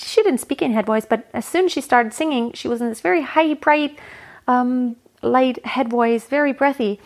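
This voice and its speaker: A woman's voice: high-pitched, moderate pace. A woman voice coach talking through a solo podcast episode, chatty and explanatory, often restarting mid-phrase.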